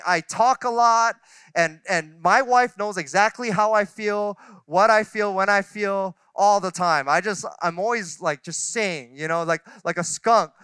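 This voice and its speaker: Bright, high-voiced pastor, chatty and candid. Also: male voice, clear, resonant tone, dry recording. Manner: conversational, self-deprecating storytelling with many restarts. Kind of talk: sermon. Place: church sanctuary.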